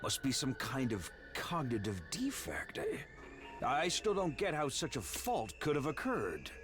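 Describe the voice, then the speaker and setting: A man's voice: medium pitch, wildly swooping pitch, measured pace, over music. An actor playing a puzzled young man in a video game, asking hesitant questions.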